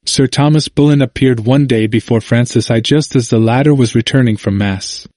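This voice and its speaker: A man reading a historical narrative aloud in a measured, even manner. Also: mid-range voice, dry recording. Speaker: audiobook narrator.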